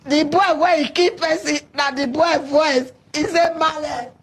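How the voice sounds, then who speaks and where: A woman with a Nigerian Pidgin accent recounting an ordeal, her voice breaking into cries and shouts. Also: high-pitched, fairly even intonation, a little slow, slight background noise. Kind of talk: emotional storytelling in Pidgin.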